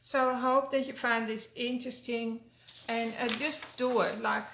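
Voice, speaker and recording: Gravelly-voiced woman giving a calm wellness talk. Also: on the high side, moderate pace, echoey room, poor audio. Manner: gentle, repetitive, with fillers. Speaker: wellness teacher. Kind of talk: spoken self-help talk.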